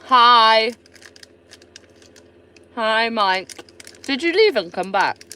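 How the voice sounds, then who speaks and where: Answering comments on her live stream, a Somerset-accented English woman talks casually and curses freely. Her fairly high voice is animated and sharp, she draws out words, and there's slight background noise.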